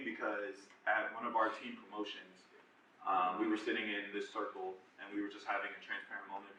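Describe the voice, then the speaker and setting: Bright-voiced young man giving a testimony. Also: on the low side, a little hiss or hum. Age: 20s. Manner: casual, conversational, animated retelling with slang. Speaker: guest speaker. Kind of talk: personal testimony talk. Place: large echoey room at a church singles group. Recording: echoey room, voice from far off.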